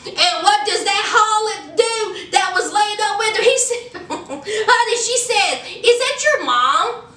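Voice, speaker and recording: A woman's voice: extremely high pitch, slow pace, bright, forceful tone, roomy sound, far from the mic. A woman retelling a movie plot in a casual, sassy way, full of chatty asides. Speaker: movie reviewer.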